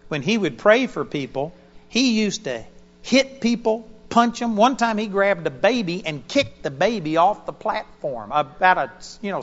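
A male pastor preaching a sermon, an animated storyteller with sudden loud bursts. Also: fairly high pitch, lo-fi sound.

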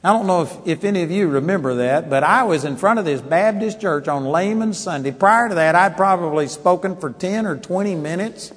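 A man preaches to a congregation, telling a personal story with earnest feeling and swelling into emphatic scripture. His voice sits a little high. The sound carries a long reverb from a church hall. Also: fairly quick, few pauses, a bit bright, slightly rough. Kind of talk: sermon testimony.

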